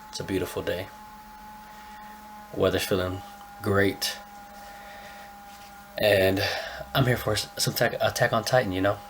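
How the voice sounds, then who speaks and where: A young man with a deep, low voice reacts casually to an anime, talking to his viewers in relaxed slang. He sounds a little stuffy this morning, and a faint hiss of noise sits under his voice. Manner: laid-back slangy chatter, talks to viewers as bro. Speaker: anime reaction channel host.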